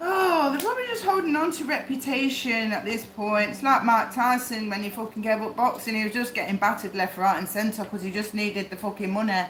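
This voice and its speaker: A woman's voice: a little high, brisk, hardly any pauses, a bit bright. A woman reading tarot on a livestream, talking bluntly and swearing as she rambles to herself. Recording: echoey room with faint ambience.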